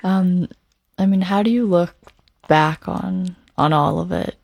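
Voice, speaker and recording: Husky gravelly woman interviewer. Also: on the low side, measured pace, no echo. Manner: gentle, encouraging, hesitant phrasing. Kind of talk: interview questions.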